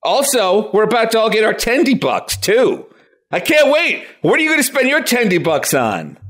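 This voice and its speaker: A man co-hosting a comedy podcast, riffing in animated, ranting bits. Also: high voice, normal speed. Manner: animated, riffing, swings into silly voices and rants. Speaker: podcast co-host and guest. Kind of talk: casual comedic podcast banter.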